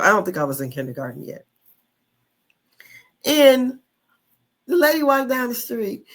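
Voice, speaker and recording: A woman in her fifties telling a childhood story in a casual monologue, animated, with slang, cursing and frequent laughter. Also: on the high side. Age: 50s. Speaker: online commentator.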